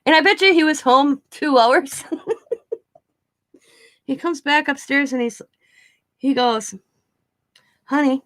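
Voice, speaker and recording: A woman's voice: high voice, slow, long pauses, a bit bright. A middle-aged woman chatting casually to her viewers, rambling and laughing often as she tells stories. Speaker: craft vlogger. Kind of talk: casual storytelling chat.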